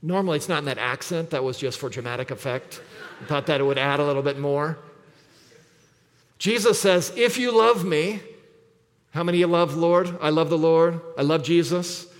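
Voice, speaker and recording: Brief: male pastor, slightly high voice, emphatic sermon delivery, reverb of a large church hall. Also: a little fast. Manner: emphatic, with repeated scripture and rhetorical questions.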